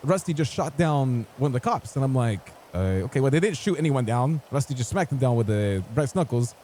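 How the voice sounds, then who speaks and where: Fast-talking man telling a wild story. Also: mid-range voice, expressive, dark tone, slight background noise. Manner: rambling, swears often, acts out quotes. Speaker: roleplay gamer in character. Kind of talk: animated storytelling in game.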